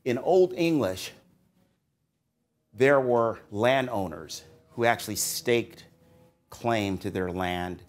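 A middle-aged man with a somewhat low voice lectures doctoral students. He talks in a loose, musing, conversational way. His stress rises and falls as he makes his points. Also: slow, long pauses. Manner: conversational, musing, rising and falling emphasis. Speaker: psychology professor.

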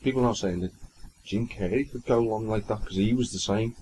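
Low-voiced guy, rambling podcast chat. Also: fairly quick, dark tone, a little hiss or hum, poor audio. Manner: chatty, rambling, stumbles and restarts while recounting news. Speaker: podcast co-host. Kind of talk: casual chat.

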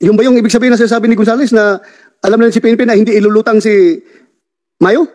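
A man chairs a hearing and grills a witness in a stern, pressing manner. He talks quickly, and his voice runs higher than most men's as he lectures and demands answers. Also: steady tone, darkish tone. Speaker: committee chair questioning witnesses. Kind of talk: hearing interrogation. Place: hearing room.

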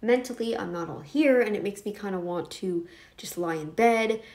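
A woman's voice: medium pitch, moderate pace, a little mellow. Rambling woman reacting to clips. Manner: rambling, laughs often. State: feeling mentally off. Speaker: reaction video host. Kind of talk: casual commentary.

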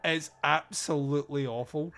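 A man with a slightly high voice hosts a laid-back comedy podcast, reviewing a film by retelling its scenes at a normal pace. His animated storytelling is full of sarcastic, sweary asides. There's a faint hiss or hum in the recording.

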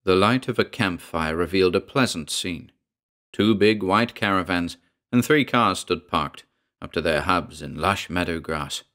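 A man narrating a horror story in a measured, dramatic storytelling voice. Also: low voice, pushed and bright.

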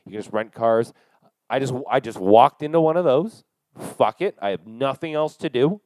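A young man hosting a podcast, telling a long profane story in a casual, animated way and acting out the dialogue. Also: medium pitch, normal speed, no echo, low-quality recording. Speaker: podcast host.

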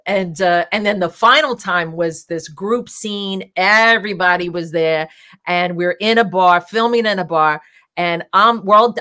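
Rambling woman telling anecdotes, lowish voice. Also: bright, forceful tone. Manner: rambling, filler-heavy anecdotes with frequent laughter. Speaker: guest, drag king performer. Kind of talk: casual interview storytelling.

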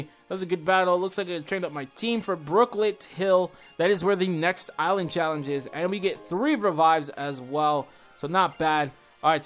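A young man giving excitable, chatty let's-play commentary, talking to himself and his viewers as he plays. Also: on the high side. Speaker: gaming YouTuber. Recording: faint game music behind.

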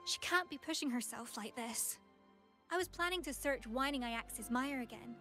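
A high-voiced young woman who runs a delivery team. Her voice swoops up and down as she chats in a friendly, upbeat way. She sounds like a bright game character. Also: animated, moderate pace, soft background music. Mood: worried. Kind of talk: game voice acting.

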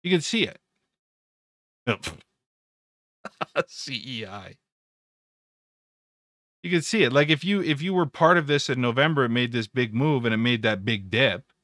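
A man's voice: medium pitch, a bit bright, no room sound, clean studio sound. A man hosting a live stream, talking casually through stock charts, rambling with repeated words and jokes. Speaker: trading educator.

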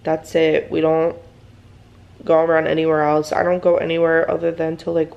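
Gravelly and low, with a darkish tone and morning grogginess, a young woman talks about her family in a casual mom vlog. Her talk is nervous and meandering, packed with fillers, and the home recording sounds dull and lo-fi.

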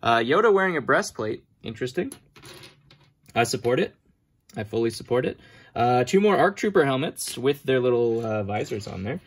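A toy collector vlogger chats casually with his viewers while sorting through a big toy haul, making jokes at his own expense. His mid-range voice swings widely in pitch at a moderate pace, with a little hiss or hum in the background. He's been standing a long time and his back is sore.

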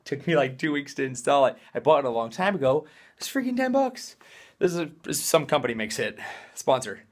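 A man's voice: fairly high pitch, sing-song, a little fast. A young man doing a casual vlog in a hyper, jokey, rambling way. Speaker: vlogger.

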